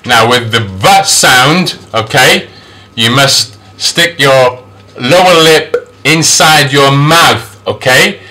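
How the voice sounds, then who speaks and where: Slow, lively male phonics teacher. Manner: slow, repeats each sound several times; pitch jumps up on model words. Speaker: English pronunciation teacher. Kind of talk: phonics lesson.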